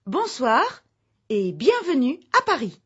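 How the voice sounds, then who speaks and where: A woman's voice: high voice, very animated, unhurried, breathy edge, heavily acted. A woman playing Hélène, a courteous French woman welcoming a visitor in a language course dialogue. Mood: polite. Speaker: dialogue actor.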